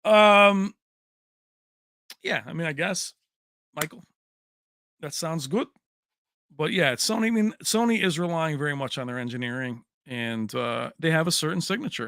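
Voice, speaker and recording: A man's voice: on the high side, bright, forceful tone, no echo, clean studio sound. A man hosting a tech livestream in a casual, chummy way, chatting with viewers and calling them baby. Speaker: tech channel host.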